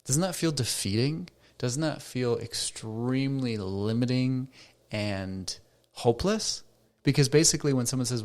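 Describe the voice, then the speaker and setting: A man's voice: mid-range voice, animated, unhurried, a little mellow. A middle-aged man hosting a solo podcast as a counselor, talking conversationally and asking rhetorical questions. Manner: conversational, rhetorical questions, acts out quoted voices.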